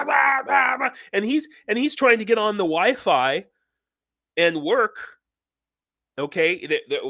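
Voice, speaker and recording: With a mid-range voice, a middle-aged man runs a live stream. His casual, lively chatter rambles, thick with fillers and sentences he begins again.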